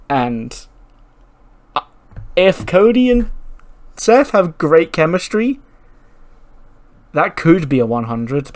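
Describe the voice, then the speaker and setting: A man giving casual, excitable commentary on a simulation game, chatty and swearing now and then. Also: mid-range voice. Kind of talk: casual video game let's play commentary.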